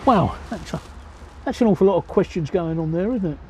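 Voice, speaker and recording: An older man chats bluntly through his phone, answering viewers' questions one after another. His voice sits a little high but sounds mellow and relaxed. Faint city traffic hums behind him. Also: fairly quick. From England. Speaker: livestreamer. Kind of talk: casual live Q&A chat. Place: outdoors at a pub in a city.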